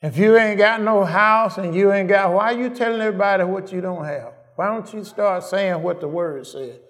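A man's voice: high voice, moderate pace. A man preaching a sermon in a call-and-response manner, often asking "Am I right?" and repeating his phrases for emphasis.

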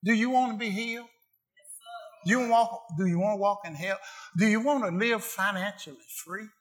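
A man's voice: sits high, moderate pace, fairly bright tone. A man preaching a sermon to a congregation, emphatic and rhythmic, repeating phrases for effect.

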